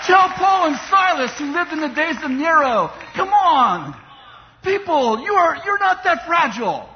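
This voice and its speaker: Male pastor, very high voice, fiery sermon, reverberant hall. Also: big pitch swings, a little slow, slight background noise. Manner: impassioned preaching, mocking voices for complainers. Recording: dull sound in a long-reverb hall.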